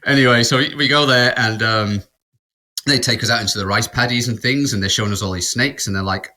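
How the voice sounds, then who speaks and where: A man's voice: medium pitch, a little fast, bright, forceful tone. A man, co-hosting a podcast and telling a rambling anecdote in casual chat, with restarts and laughter. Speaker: podcast co-host. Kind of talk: casual storytelling.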